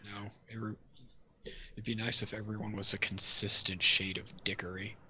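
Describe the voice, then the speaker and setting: A man's voice: lowish voice, flat delivery, moderate pace, sharp tone, breathy edge, poor audio. A man reading a book aloud with friends in a casual group session, reading chat comments and adding dry jokes. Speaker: reader and host. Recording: faint background noise.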